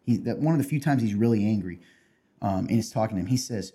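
This podcast co-host talks fast in a mellow, fairly low voice. On a casual faith show, he earnestly explains church teaching in conversation and reads passages of scripture aloud.

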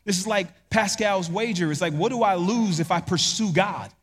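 Brief: male pastor, high voice, emphatic sermon delivery, rhetorical questions, long hall reverb. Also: normal speed, slightly rough.

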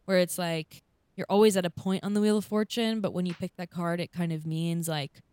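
A woman's voice: fairly low pitch, steady tone, brisk, mellow, clean tone, no echo. A young woman co-hosting a podcast, chatty and upbeat, often laughing and explaining things at length. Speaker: podcast co-host. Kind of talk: casual chat.

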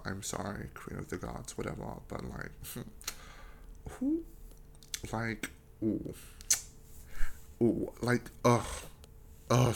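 A young man hosts a casual solo podcast with a low voice full of vocal fry. He talks slowly and gushes in slangy, filler-packed sentences, swearing freely. A faint hiss of noise sits under his voice. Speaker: podcast host reviewing books.

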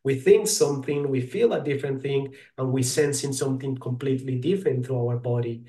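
A man, a guest teacher, explaining his work in an interview in a thoughtful, halting way, searching for his words. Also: mid-range voice, dark tone. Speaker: guest, somatic alignment teacher. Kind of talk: reflective interview talk. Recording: roomy echo.

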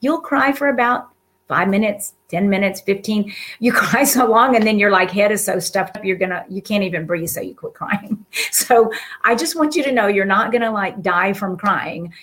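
A woman's voice: mid-range voice, moderate pace. Earnest woman sharing heartfelt encouragement. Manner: earnest, warm-hearted and encouraging, with soft laughs. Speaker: guest speaker. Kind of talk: heartfelt casual talk to an audience.

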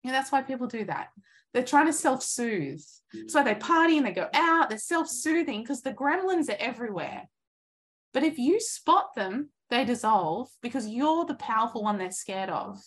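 Woman, thirties, life coach, earnest, encouraging, lively acted-out asides, slightly high voice. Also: normal speed. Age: 30s. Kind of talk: motivational coaching talk.

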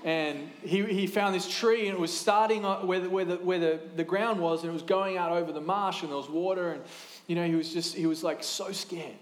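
Pastor guy preaching, kinda high voice, chatty and animated, lots of echo in the church. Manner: lively, conversational preaching with quick asides and self-corrections. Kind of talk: sermon.

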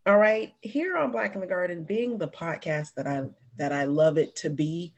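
A woman hosting a podcast in animated, playful casual chat, laughing often. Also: fairly low pitch, moderate pace. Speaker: podcast host.

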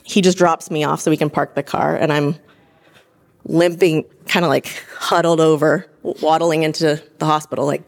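A woman in her thirties, an emergency room provider, telling her own story in an interview, lively and animated. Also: low voice, normal speed. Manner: lively, animated retelling with laughs and acted-out quotes. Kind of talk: personal story told in interview.

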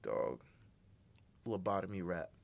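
A man's voice: low-pitched, sing-song, slow, creaky. A young man co-hosting a podcast in casual chat, loose and profane, joking and laughing often. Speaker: podcast co-host.

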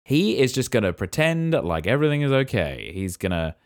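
A man's voice: mid-range voice, sing-song, brisk. A man co-hosting a podcast, making jokey guesses about a film plot in casual chat. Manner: speculative, jokey, laughs at his own guesses.

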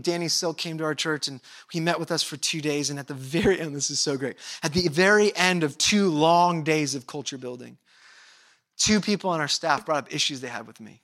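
A man preaching a sermon as pastor of a church, lively and conversational, acting out short bits of dialogue and dropping from loud emphasis to hushed asides. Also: on the high side, brisk. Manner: animated, acts out dialogue, swings between loud and hushed.

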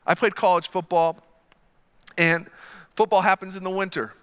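A young man preaching a sermon, telling a story with energy and swinging from quiet asides to loud excited bursts. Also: sits high, normal speed, clean tone, in a large hall. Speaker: pastor.

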